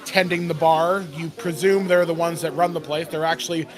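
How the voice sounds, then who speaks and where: A man narrating a tabletop game as game master, relaxed and rambling, laughing often. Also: fairly high pitch, normal speed.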